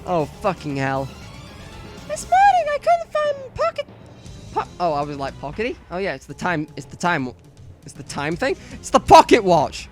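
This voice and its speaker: A woman's voice: on the low side, normal speed, loud music behind the voice. A woman narrating a visual novel let's play, reading the lines and joking with casual swearing. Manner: lively, swears and laughs at herself.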